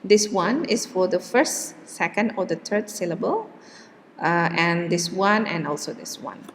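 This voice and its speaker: A woman teaching English word stress, saying each model word slowly and deliberately between hesitant fillers. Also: lowish voice, pushed and bright, big-room sound. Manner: slow, drawn-out model words with hesitant fillers. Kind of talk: pronunciation lesson.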